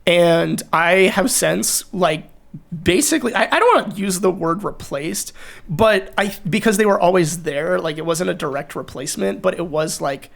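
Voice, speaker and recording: A woman's voice: lowish voice, moderate pace, vocal fry. A young adult woman hosting a podcast, chatting casually and emphatically, swearing freely. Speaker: podcast host. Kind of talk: casual chat.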